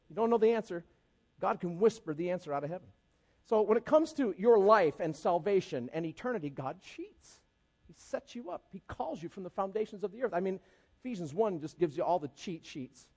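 Man preaching, high voice, jumps around a lot, jokey and emphatic. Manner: animated, humorous, repeats for emphasis. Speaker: pastor. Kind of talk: sermon.

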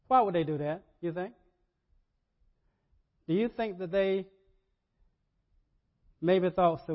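A man preaching a sermon, animated, repeating words and rising to loud emphasis. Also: high voice, takes it slowly, long pauses. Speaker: pastor. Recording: dull lo-fi sermon audio.

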